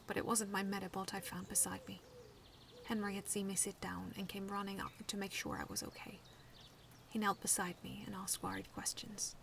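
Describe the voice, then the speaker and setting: Female author narrating her own story; hushed and gravelly, distant mic, faint background noise. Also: mid-range voice. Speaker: fan fiction author reading aloud. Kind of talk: first-person story reading.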